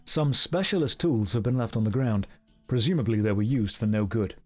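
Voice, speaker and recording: A man streaming a game and commenting casually, with wry, rambling and quick talk full of jokey asides. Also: medium pitch, darkish tone, soft background music.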